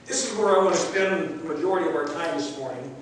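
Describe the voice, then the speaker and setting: A male pastor preaching a sermon, stressing key words and repeating phrases with pauses. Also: a little high, recorded from a distance, a little hiss or hum. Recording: echoey room, heard from afar.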